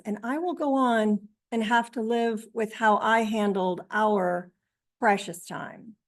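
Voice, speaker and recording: Slow, halting woman author. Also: fairly high pitch. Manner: slow, halting, with many pauses and fillers. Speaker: author and widow. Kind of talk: talk presenting her book and artwork.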